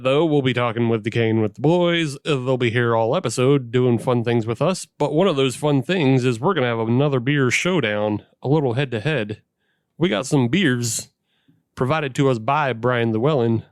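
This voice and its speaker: A man's voice: mid-range voice, normal speed, dry recording, studio quality. A man co-hosting a podcast, teasing the others in casual chat and laughing often. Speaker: podcast co-host.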